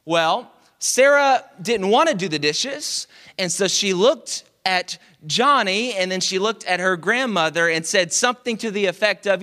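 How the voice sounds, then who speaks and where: A man preaching a sermon, telling a story in a lively, conversational way with dramatic pauses. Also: sits high. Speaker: pastor.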